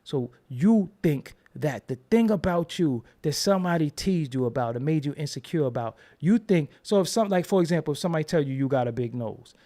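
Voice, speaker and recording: A host with a warm, medium-pitched voice delivers a casual, profane, rambling monologue on his own channel. As he tells stories, he acts out the voices of the people he quotes.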